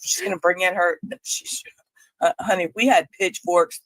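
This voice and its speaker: A motherly woman co-hosting a livestream, chatty and emotional, her throat catching so she keeps clearing it. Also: lowish voice, steady tone, normal speed, a bit bright, no echo, rough recording. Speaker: livestream co-host. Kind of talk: casual livestream chat.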